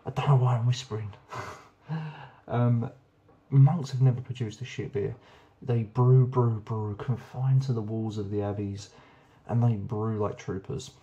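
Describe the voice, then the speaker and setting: A man's voice: fairly low pitch, fairly even intonation, measured pace, dark tone, muffled recording. A young man chatting casually and enthusiastically while reviewing beers, rambling with plenty of ums. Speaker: beer reviewer. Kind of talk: casual beer review vlog.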